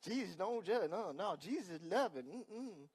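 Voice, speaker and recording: A male pastor preaching a sermon with emphatic call-and-response asides, swinging between loud declarations and quiet remarks. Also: high voice, animated, normal speed, husky.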